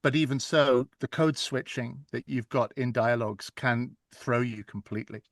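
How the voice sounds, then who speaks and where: A man, an audiobook narrator chatting in an interview, telling stories in a lively, animated way. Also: medium pitch, normal speed, vocal fry, no echo, clean studio sound. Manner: chatty, animated storytelling with laughs. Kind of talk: casual interview chat.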